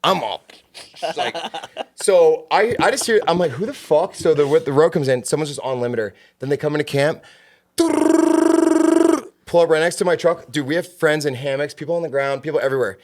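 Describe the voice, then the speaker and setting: A man telling rowdy stories as a guest on a casual podcast, swearing a lot and acting out the shouted lines in them. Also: fairly high pitch, quick pace. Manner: animated, profane, acts out shouted quotes. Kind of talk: casual storytelling chat.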